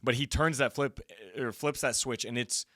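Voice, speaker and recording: Middle-aged coach hyping up his players, bright punchy voice, close dry mic. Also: medium pitch, steady tone, dry recording. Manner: enthusiastic, hyping players, quick asides. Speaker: football coach and co-host. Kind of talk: casual sports chat.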